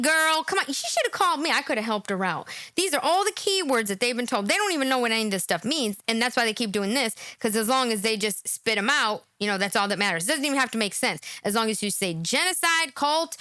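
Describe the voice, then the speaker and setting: American woman, commentary host, sarcastic, mocking, very high voice, dry close recording. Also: lively intonation, brisk, hardly any pauses, pushed and bright, dry recording. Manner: mocking, exasperated, mimics guests.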